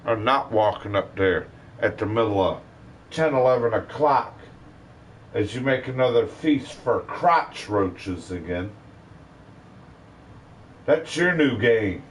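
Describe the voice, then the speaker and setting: A man's voice: fairly low pitch, lively intonation, takes it slowly, long pauses, breathy edge. A man ranting bitterly to his live stream, full of cursing and rambling complaints.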